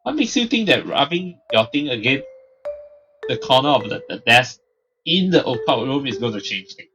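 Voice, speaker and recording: A woman's voice: rumbling low, sing-song, normal speed, a bit bright, soft background music. A woman hosting a let's play, reacting in disbelief to a visual novel with laughter and repeated questions. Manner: incredulous, laughing, repeating "what?". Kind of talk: game commentary.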